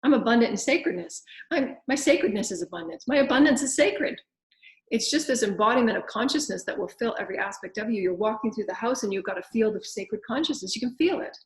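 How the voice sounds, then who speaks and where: A woman's voice: a little high, expressive, quick pace. Spiritual teacher, woman, flowing repetitive affirmations, echoey room. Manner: flowing, repetitive, speaks in first-person affirmations. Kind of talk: spiritual guidance talk with affirmations.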